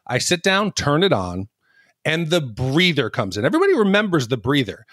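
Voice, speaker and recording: Animated, high-voiced podcast co-host man. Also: brisk, no room sound, clean studio sound. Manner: animated storyteller who acts out scenes. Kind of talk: casual movie-review chat.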